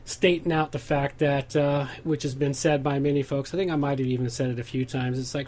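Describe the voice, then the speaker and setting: A man's voice: medium pitch, little pitch movement, brisk, few pauses, darkish tone. A man hosting a podcast, steering the talk casually with plenty of hesitation. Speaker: podcast host. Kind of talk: casual chat, steering segments.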